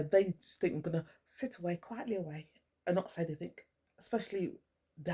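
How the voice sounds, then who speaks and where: A woman's voice: lowish voice, creaky, dark tone, slightly rough. A woman, talking to the camera in a blunt, rambling monologue full of swearing. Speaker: vlogger. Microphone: camera mic.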